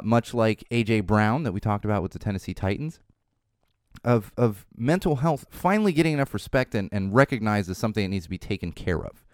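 Wry, animated man rambling casually. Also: mid-range voice, no echo, clean studio sound. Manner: rambling, wry, repeats words while restarting. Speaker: podcast host. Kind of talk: casual solo commentary.

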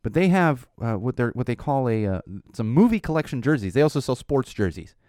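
Lively, slightly hoarse man chatting. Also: medium pitch, a little fast, no room sound, clean studio sound. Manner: rambling, animated, frequent "uh" fillers. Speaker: podcast host. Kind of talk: casual solo chat.

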